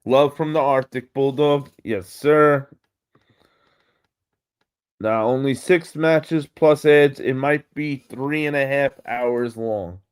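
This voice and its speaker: A man with a New York accent hosting a casual live stream, excitable and swearing freely as he greets viewers. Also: mid-range voice, slow, smooth.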